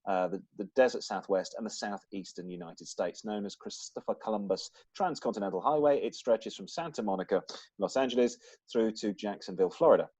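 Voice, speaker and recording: A man's voice: on the low side, a little fast, husky, dry recording. A man co-hosting a casual car podcast, reading listener emails with jokey asides. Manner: jokey, animated, throws in quips and silly asides. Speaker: podcast co-host.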